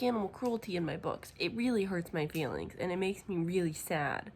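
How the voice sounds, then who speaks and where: A woman's voice: on the low side, fairly quick, hardly any pauses, a little hiss or hum. A young woman vlogging at home about a book she is reading, rambling and chatty with lots of fillers and openly emotional reactions. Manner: emotionally expressive. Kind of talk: casual reading vlog chat.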